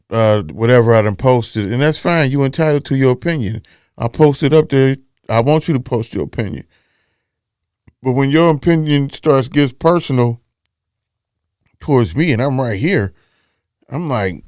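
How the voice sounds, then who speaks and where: Male show host, mid pitch, bone-dry close sound, rambling chat style, repeats himself to hammer points. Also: a little mellow, clear, resonant tone, dry recording. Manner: loose, rambling, repeats phrases for emphasis. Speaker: podcast host. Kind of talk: casual talk-show chat.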